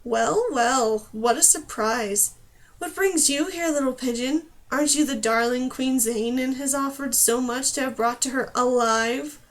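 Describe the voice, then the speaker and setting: A woman doing a sneering, drawn-out storm wing monster. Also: high-pitched. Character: nasty taunting male storm wing monster.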